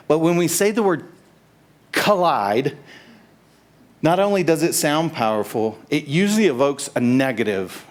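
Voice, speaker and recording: Middle-aged man, pastor type, relaxed sermon, halting with fillers, plays to the congregation. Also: medium pitch. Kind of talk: sermon with prayer. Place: church sanctuary.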